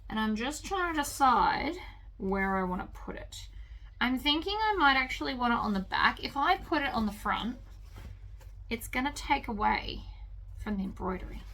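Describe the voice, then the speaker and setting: A woman's voice: a little high, animated, normal speed, pushed and bright, slight background noise. A woman hosting a sewing tutorial, chatting casually and talking to herself as she stitches, cheerfully pleased with her work. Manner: chatty, talks to herself while working, enthusiastic about her stitching. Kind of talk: relaxed instructional sewing talk. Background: sewing machine running.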